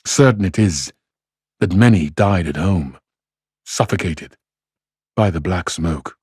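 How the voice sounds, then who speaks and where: Low husky man reading a classic novel. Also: takes it slowly, darkish tone, no room sound, studio quality. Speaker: reader.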